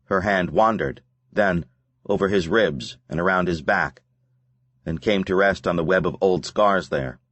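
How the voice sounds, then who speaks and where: A man narrating an audiobook in a measured, brooding way. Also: deep voice, fairly bright tone, dry recording. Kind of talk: scripted narration.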